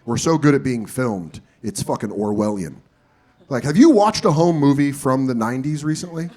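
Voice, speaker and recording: Man, stand-up comedian, comedy club stage, profane storytelling, very expressive pitch. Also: moderate pace. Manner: animated storytelling, profane, jumps into loud exaggerated character voices.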